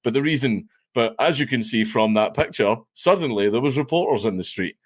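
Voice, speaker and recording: A man's voice: mid-range voice, expressive, fairly quick. A Scottish man telling a story as a guest on a podcast, rambling, swearing freely and laughing often. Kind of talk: casual storytelling chat.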